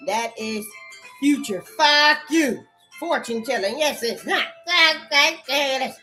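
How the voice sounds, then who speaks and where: A woman with a high, bright voice runs through an erratic rant, swearing over and over. She jumps from sharp shouts down to muttering. Faint music plays behind her. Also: measured pace. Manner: erratic, repetitive, swearing constantly, swinging between shouts and mutters. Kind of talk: profane stream-of-consciousness rant.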